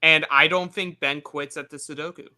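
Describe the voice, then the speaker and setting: A man's voice: a little high, steady tone, moderate pace, pushed and bright. A man co-hosting a casual recap show, rambling with lots of filler words. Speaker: after-show co-host.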